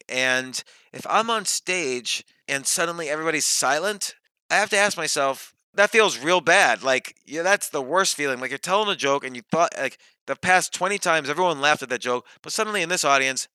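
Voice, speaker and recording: A man who is a podcast guest and author, thinking out loud with examples and questions he puts to himself. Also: a little high, clear, resonant tone, no echo, rough recording. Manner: thoughtful, explains with examples and self-questions. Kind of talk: reflective podcast conversation.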